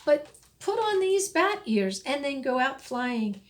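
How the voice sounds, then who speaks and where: A woman reading a rhyming picture book aloud in a slow, expressive storytelling voice. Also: sits high. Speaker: storybook reader.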